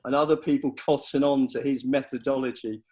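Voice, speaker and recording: A man's voice: medium pitch, steady tone, a little fast, darkish tone, breathy edge, poor audio. Enthusiastic man explaining military history. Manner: enthusiastic, explanatory, with frequent restarts. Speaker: history guest explaining battles. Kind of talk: casual chat.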